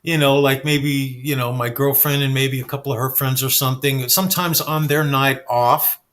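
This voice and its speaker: A man telling backstage stories in a casual chat, animated and swearing freely. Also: mid-range voice, moderate pace. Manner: animated, acts out quoted dialogue, swears freely. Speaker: guest storyteller.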